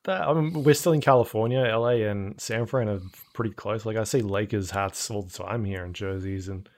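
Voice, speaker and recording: A man's voice: lowish voice, brisk. A man co-hosting a gaming podcast from home, easygoing in casual chat. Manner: easygoing, laid-back replies. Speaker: podcast co-host.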